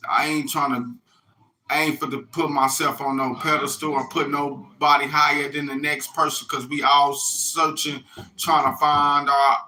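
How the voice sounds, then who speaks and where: A man's voice: on the high side, little pitch movement, moderate pace, pushed and bright, reverberant, rough recording. A middle-aged man giving a rambling, profane spiritual monologue that keeps checking in with "you hear me?". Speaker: self-styled religious messenger.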